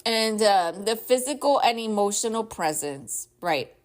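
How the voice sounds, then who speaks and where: Hosting a laid-back advice podcast, this woman speaks unhurriedly in a medium-pitched, expressive voice. Her talk is rambling and heartfelt, peppered with "like," "right?" and "y'all," and she is emotional, sometimes close to crying.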